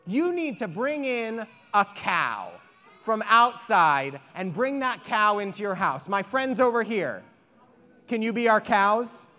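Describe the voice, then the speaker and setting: A woman telling a folk tale to children, animated and inviting them to join in. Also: mid-range voice, slow pace. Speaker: storyteller leading children. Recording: echoey hall.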